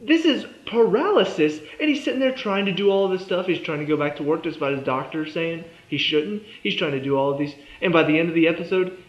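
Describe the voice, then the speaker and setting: A man's voice: a little high, a little fast, few pauses. A young man giving a casual, exasperated review of a TV episode, sarcastic and fond of mimicking the characters. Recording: echoey room, dull lo-fi sound.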